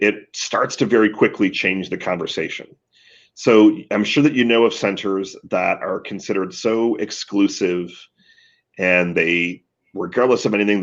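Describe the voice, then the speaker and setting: A man's voice: fairly low pitch, slightly rough. A man explaining things in a coaching way as a guest in a video call interview. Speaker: marketing guest expert. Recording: dull lo-fi audio.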